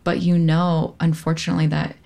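A woman's voice: deep voice, level tone, fairly quick, creaky, darkish tone. A woman immigration attorney speaking casually and emphatically in an interview. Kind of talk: interview conversation.

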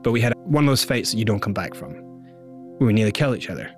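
A man's voice: on the low side, sing-song, fast, faint music behind. A middle-aged Scottish man, an interview guest, tells his story candidly and acts out other people's lines as he goes.

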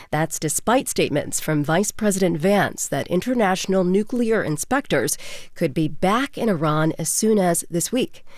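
A woman with a fairly low voice reads national news headlines in a crisp, formal style. The studio sound is close and dry. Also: darkish tone, no room sound. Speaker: newscaster. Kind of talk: scripted news reading.

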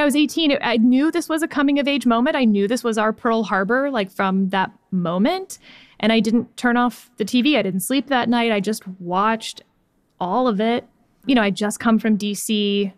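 A woman in her forties from Texas, co-hosting and talking candidly in an animated conversational discussion. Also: fairly high pitch, dry recording, clean studio sound. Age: 40s. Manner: animated, candid, chatty with many fillers. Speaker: podcast co-host.

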